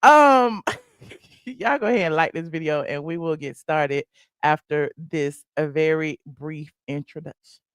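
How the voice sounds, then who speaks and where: A woman's voice: deep voice, measured pace, clean tone, no room sound, studio quality. A woman hosting a casual live stream, chatting and laughing as she reads viewer comments. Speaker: live-stream gossip host.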